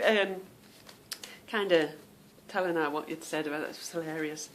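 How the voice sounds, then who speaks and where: A woman's voice: sits low, a little fast. Chatty woman hosting a homey podcast. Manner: chatty, calls listeners "girl" and "girlies". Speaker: podcast host. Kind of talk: casual chat.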